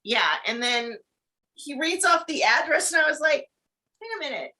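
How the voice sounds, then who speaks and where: A woman's voice: high voice, expressive, moderate pace, pushed and bright. A woman co-hosting a casual live stream, telling a story animatedly with frequent laughter and swearing. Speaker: co-host.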